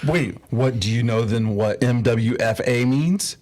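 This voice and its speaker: A man's voice: mid-range voice, measured pace, a little mellow. A man co-hosting a casual podcast, patiently explaining details. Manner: patient, explains things plainly. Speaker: podcast co-host.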